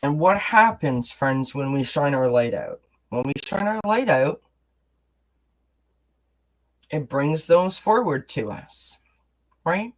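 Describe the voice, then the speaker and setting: A tarot card reader hosts a casual live-streamed reading. The delivery is chatty and encouraging, warm toward the audience, with self-deprecating asides slipped in between the cards. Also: mid-range voice, expressive, unhurried, rough recording. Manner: chatty, encouraging, responds to chat comments.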